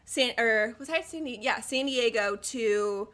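A young woman in her twenties tells stories in a casual chat, lively and animated, laughing between lines. Her voice is bright and a little high. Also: unhurried. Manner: animated storytelling with laughter and acted quotes. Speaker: guest storyteller.

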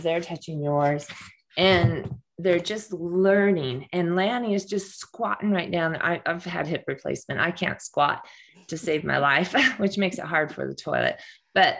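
Brief: middle-aged woman guest, low gravelly voice, earnest storyteller who stumbles and repeats. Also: a little slow. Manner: earnest, frequent restarts and repetitions. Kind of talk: personal storytelling in conversation.

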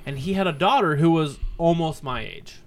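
Brash, foul-mouthed man, slightly high voice, animated podcast storyteller. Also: normal speed. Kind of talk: casual storytelling chat.

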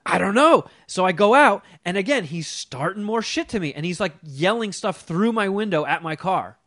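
A man co-hosting a talk show, telling a profane story in a casual, animated way and mimicking the people in it. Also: sits high, moderate pace, no room sound, clean studio sound.

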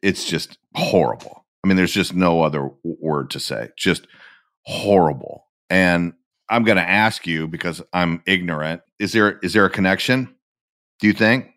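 A man's voice: low voice, moderate pace, fairly bright tone, dry recording, clean studio sound. A man hosting a podcast interview, asking questions in an earnest, plain-spoken way. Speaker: podcast host. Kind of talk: conversational interview.

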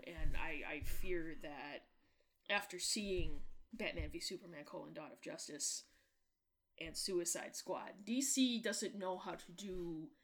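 A woman co-hosting a casual movie review podcast, talking in a lively, joking way and swearing freely. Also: lowish voice. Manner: profane, lively, quick to joke. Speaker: podcast co-host.

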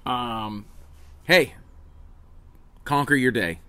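A middle-aged comedian hosts his daily livestream outdoors at a table beside a house, recorded on a phone on camera with slight background noise. His medium-pitched voice is animated, bright, and forceful but very slow as he jokes casually with viewers, rambling through restarts and asides.

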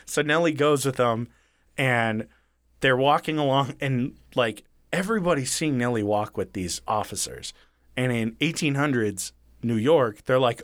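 A man's voice: mid-range voice, measured pace, dry recording, studio quality. Casual, profane male storyteller. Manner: casual and profane, acting out quoted lines. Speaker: podcast co-host retelling a true story.

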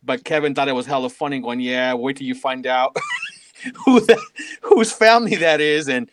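Animated man telling wrestling stories. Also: medium pitch, moderate pace, a little hiss or hum. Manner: animated, laughing, acts out quotes. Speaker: wrestling promoter. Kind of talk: casual storytelling chat.

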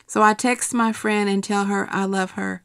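A middle-aged woman reading her personal essay aloud in a quiet, measured, steady way. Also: medium pitch, creaky, smooth, dry recording, clean studio sound.

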